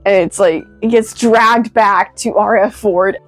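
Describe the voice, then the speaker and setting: A woman giving a casual, excitable video review, rambling with many "like" fillers. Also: medium pitch, measured pace, faint music behind. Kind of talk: casual commentary.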